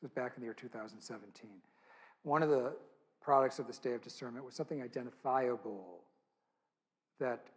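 A man's voice: medium pitch, fairly quick, pauses often, slightly rough. A man speaking at a church event, telling an intimate, earnest story with quoted dialogue.

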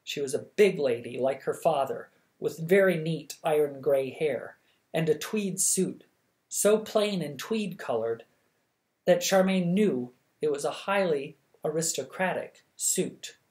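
A reader narrating a children's novel at bedtime, measured and even. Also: mid-range voice. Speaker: audiobook reader. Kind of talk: scripted storybook narration.

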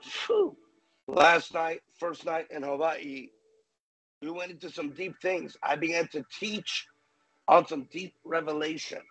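A man's voice: fairly high pitch, rough recording. A man preaching on a livestream, greeting viewers by name with exuberant praise and bursts of praying in tongues. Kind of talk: live-stream greeting of viewers before a sermon. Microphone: livestream camera mic.

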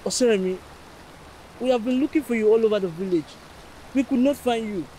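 A man's voice: very high-pitched, brisk, warm tone, a little hiss or hum, poor audio. A man with a Nigerian accent in a film drama, speaking apologetically. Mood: pleading. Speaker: friend.

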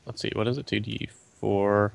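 A man's voice: lowish voice, little pitch movement, moderate pace, gravelly, slight background noise. A man playing a tabletop game, talking casually with many fillers. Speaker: player.

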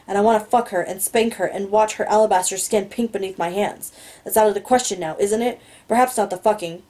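A woman reads a novel aloud in the first person, her delivery inward and musing. Her voice is mellow and warm, at an ordinary pitch for a woman. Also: rough recording. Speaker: audiobook reader.

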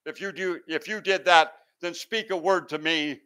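A male pastor preaching an impassioned sermon that swells loud and sinks low, sometimes stumbling over words. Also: steady tone, moderate pace. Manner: impassioned, swells and drops in volume.

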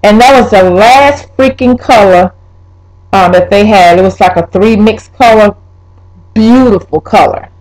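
A young woman vlogging a wig review, talking straight to her viewers, swearing and exasperated, her voice jumping up high when upset. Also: measured pace, a little mellow, rough recording. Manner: pitch leaps when upset. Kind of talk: casual vlog, ranting.

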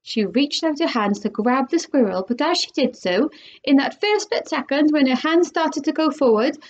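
A woman teacher reads a children's storybook aloud with expressive delivery. Her voice sits fairly high and moves a lot. The recording sounds dull and lo-fi. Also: moderate pace. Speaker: primary school teacher reading aloud.

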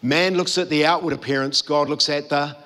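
New pastor preaching, high voice. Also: male voice, fairly even intonation, fairly quick, bright, forceful tone. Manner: storytelling, acts out quoted voices. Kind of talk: sermon. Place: church hall.

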